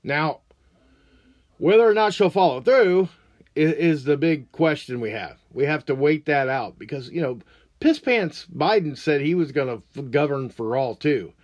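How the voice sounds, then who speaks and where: A man's voice: on the high side, lively intonation, normal speed, no echo, muffled recording. A man hosting a show, ranting about politics in a blunt, crude, mocking way. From United States. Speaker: podcast host. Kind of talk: profane political rant.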